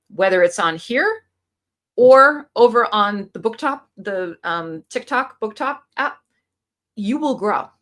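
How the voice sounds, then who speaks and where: A woman's voice: mid-range voice, a bit bright. Encouraging woman hosting a live stream. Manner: reads viewer comments aloud and answers them; encouraging, coaching tone. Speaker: booktube channel host. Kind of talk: casual live stream chat. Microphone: phone camera.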